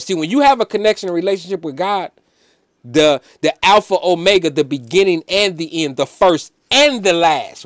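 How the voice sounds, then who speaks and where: A man, a musician guest on an interview show, telling a personal story in an animated, emphatic way, full of "like" fillers. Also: high voice, no room sound, studio quality. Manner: emphatic, preacher-like insistence.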